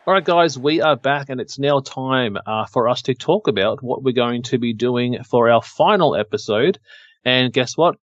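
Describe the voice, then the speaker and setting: A man's voice: mid-range voice, lively intonation, moderate pace, no room sound, muffled recording. A man co-hosting a podcast in casual, joking, rambling chat. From Australia. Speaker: podcast co-host.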